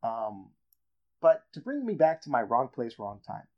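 A man's voice: mid-range voice, unhurried. A man hosting a casual sports podcast chat, telling a story with dramatic build-up. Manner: animated storyteller, builds up reveals. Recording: dull lo-fi audio.

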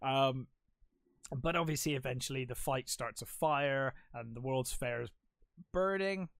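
A man's voice: medium pitch, measured pace, gravelly, fairly bright tone, dry recording, clean studio sound. A young man co-hosting a casual film review podcast. He retells the plot with enthusiasm and lots of "um"s. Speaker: podcast co-host.

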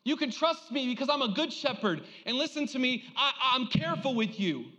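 A man's voice: very high voice, animated, brisk, pushed and bright, big-room sound, voice pushed up, heavily acted, low-quality recording. A man speaking as a caring, protective male shepherd, with earnest, insistent assurances. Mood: reassuring. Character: calm, reassuring male good shepherd.

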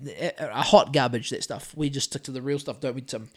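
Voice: mid-range voice, fairly quick, a little mellow, faint music behind. A podcast co-host with a New Zealand accent, chatting in a rambling, joking way full of fillers and restarts. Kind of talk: casual banter.

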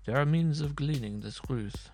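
A man voicing a stern medieval judge who speaks with ominous calm. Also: mid-range voice, faint music behind, voice pushed up, lightly acted. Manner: calm, measured, cutting.

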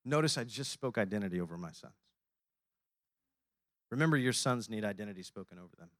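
A man giving a motivational faith talk, preaching and building up to rousing shouts. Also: on the low side, expressive, a little fast, no echo, studio quality. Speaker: speaker at a faith-based business gathering. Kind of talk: motivational sermon.

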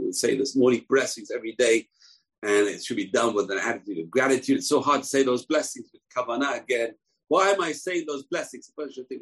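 A man teaching a Torah class, emphatic, repeating key phrases and rising to shouts. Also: mid-range voice, brisk, husky, poor audio.

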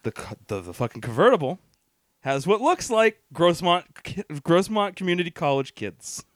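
A man's voice: sits high, moderate pace, no room sound, studio quality. A man on a podcast telling a long road story casually, swearing freely and acting out what people said. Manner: animated, profane, acts out quotes. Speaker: podcast co-host.

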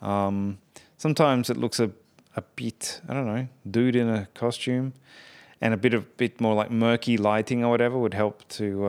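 A podcast host reviewing an episode in casual, rambling chat, full of fillers and self-corrections. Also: male voice, medium pitch, clear, resonant tone.

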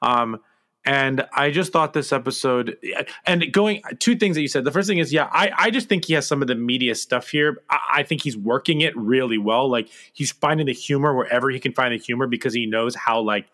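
A man's voice: mid-range voice, a little fast, sharp tone. A man co-hosting a podcast in casual chat, agreeable and a little hesitant, often restarting his sentences. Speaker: podcast co-host.

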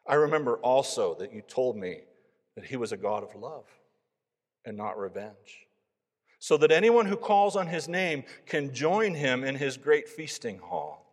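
Eager Viking convert, read by a male preacher: earnest, raised voice, mid pitch, long reverb. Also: very animated, a little slow. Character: eager earnest Viking man, a new believer.

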